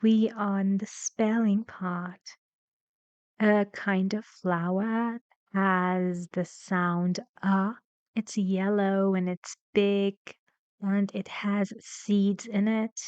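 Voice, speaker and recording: A woman's voice: mid-range voice, level tone, drawn-out words, a little mellow, clear, resonant tone, no room sound, highs cut off. A woman teaching a lesson, patiently explaining intonation step by step with spoken examples. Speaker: English teacher. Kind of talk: slow, careful lesson narration.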